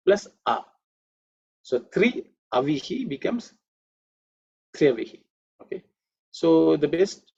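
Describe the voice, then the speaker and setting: A man with a gravelly, husky voice, a little higher than most men, teaches a Sanskrit lesson over a video call. He works through chants patiently, repeats each word aloud, and keeps checking in with "okay". The sound is dull and lo-fi. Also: darkish tone. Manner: explains slowly, repeats chanted words, frequent "okay" and "you know". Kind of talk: online class lecture.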